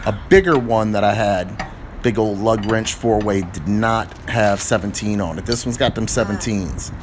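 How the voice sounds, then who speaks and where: A man's voice: lowish voice, moderate pace. A middle-aged man chatting his way through a DIY tire review, rambling and growing frustrated as he works on his car outdoors. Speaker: product reviewer. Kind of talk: casual DIY review vlog. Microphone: phone camera. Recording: noisy outdoor phone recording.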